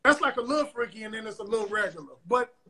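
A man's voice: high voice, lively intonation, very fast, a crowd in the background. A man co-hosting a casual live podcast, laid-back and asking questions.

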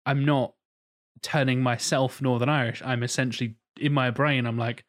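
A man in casual podcast talk with a mid-range voice. He talks in an animated way and slips into playful mock voices to make a point. The chat is loose and conversational. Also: medium pitch, normal speed. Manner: animated, acts out voices in quotes. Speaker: podcast co-host.

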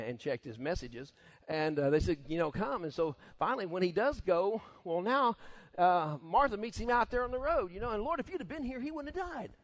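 A man preaching a sermon in a conversational, animated way, acting out scenes and chuckling along. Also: a little high.

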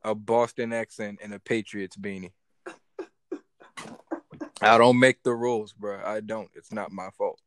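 A man's voice: lowish voice, steady tone, measured pace, pauses often, slight background noise. A man co-hosting a casual podcast chat, talking animatedly, swearing and repeating himself as he jokes. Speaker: podcast co-host.

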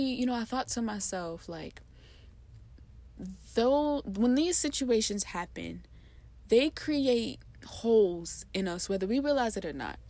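A woman talking passionately and casually about a poem she wrote, speaking emphatically in bursts with lots of fillers. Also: medium pitch. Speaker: poet explaining her poem. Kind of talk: casual heartfelt monologue.

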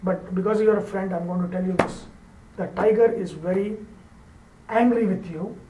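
A man voicing a sly, scheming male fox in a low, confiding tone while telling a fable. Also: steady tone, normal speed, distant mic, noisy background, lightly acted. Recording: roomy echo, off-mic, faint ambience.

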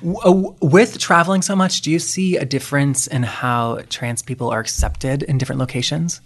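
A man's voice: medium pitch, normal speed. Male host, conversational interviewer, curious and prompting, laughs easily.

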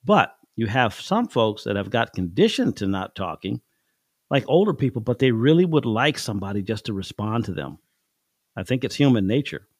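Middle-aged man, low-ish voice, dry close sound; folksy, chuckling storyteller in a casual chat. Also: sing-song, normal speed, slightly rough, dry recording. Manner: folksy, chuckling, acts out voices in his anecdotes. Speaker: father telling life stories on his son's podcast.

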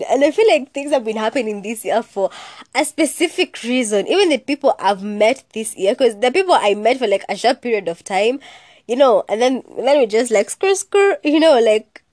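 A woman's voice: fairly high pitch, darkish tone, no room sound, clean studio sound. A young woman chatting casually and sassily on her podcast, swearing freely and dropping in Swahili words. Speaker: podcast host. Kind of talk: casual solo podcast chat.

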